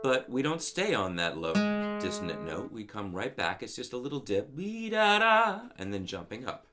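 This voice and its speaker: A man with a low voice walks through a guitar part step by step, steady and methodical. He counts beats and hums rhythms aloud, and loud guitar playing sits under his words. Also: normal speed. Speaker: guitar teacher. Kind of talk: guitar lesson walkthrough.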